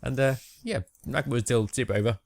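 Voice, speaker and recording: A young man co-hosting a podcast, chatting casually about wrestling with a relaxed, hesitant manner and frequent laughs. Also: mid-range voice, racing, creaky, no room sound, clean studio sound. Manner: laid-back, laughs often, hesitant with ums. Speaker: podcast co-host.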